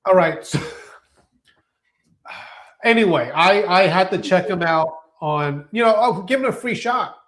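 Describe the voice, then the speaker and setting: High-voiced man hosting casual banter. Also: animated, measured pace, long pauses, a bit bright. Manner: loose, joking banter with many restarts. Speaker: show host. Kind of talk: casual podcast chat.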